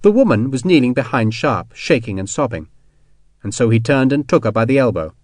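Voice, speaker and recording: Man reading a novel aloud, steady measured delivery, mid pitch, dry close sound. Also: dry recording. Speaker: audiobook narrator. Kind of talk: scripted narration.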